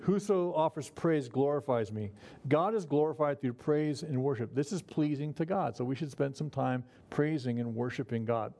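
Mellow-voiced man preaching a folksy sermon. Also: medium pitch, normal speed, creaky. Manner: folksy, chuckles at his own remarks. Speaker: pastor. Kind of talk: conversational sermon.

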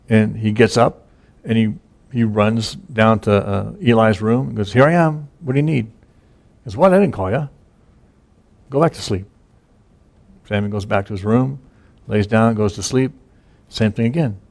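Gravelly low-voiced folksy preacher man. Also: darkish tone. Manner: folksy, conversational storytelling with many fillers. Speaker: pastor. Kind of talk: casual sermon.

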